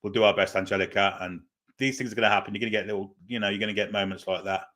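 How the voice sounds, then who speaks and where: The man's voice is lowish and a bit bright, with fairly even intonation, and he talks very fast. Hosting a live football watchalong, he reads comments from viewers aloud before replying, chatting casually about the upcoming match with many fillers and hesitations.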